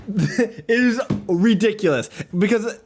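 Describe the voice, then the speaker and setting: High, lively, incredulous podcast co-host. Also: male voice, takes it slowly, husky. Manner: incredulous, laughing, swearing. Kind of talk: casual movie recap chat.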